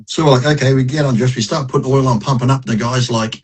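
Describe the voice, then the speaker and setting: A middle-aged retired bodybuilder, appearing as a podcast guest, tells stories in a husky, mid-pitched voice with a steady tone. He's blunt and profane and laughs at himself easily during the casual interview. The recording quality is low.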